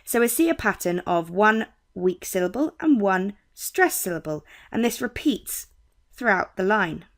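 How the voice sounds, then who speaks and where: A young woman with a British accent, tutoring on poetry in a clear, measured way. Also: mid-range voice, animated. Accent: British English. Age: young adult. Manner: clear, measured teaching with quoted lines read slowly. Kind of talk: explaining poetry terms.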